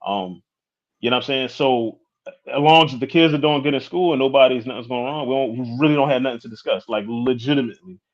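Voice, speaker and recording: A man's voice: mid-range voice, fast talker. A man in his thirties, a podcast guest talking candidly and casually, often checking in with "you know what I'm saying.". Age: 30s. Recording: dull lo-fi sound.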